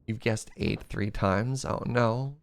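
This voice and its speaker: A man streaming a game, chatting casually and excitably with his viewers, his voice strained from shouting. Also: fairly low pitch, slow, creaky, a little hiss or hum. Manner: excitable, chatty, laughs often. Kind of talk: casual live-stream chat.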